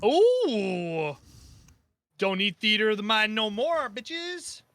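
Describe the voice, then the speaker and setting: High bright dude goofing around at a game table, lively voice. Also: male voice, normal speed, dry recording. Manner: joking, playful. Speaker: player. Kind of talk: casual chat.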